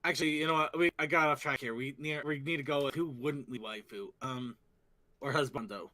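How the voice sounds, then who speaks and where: A man co-hosting a casual fan talk show, excitable and quick to swear, often restarting his sentences. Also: medium pitch. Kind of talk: casual chat.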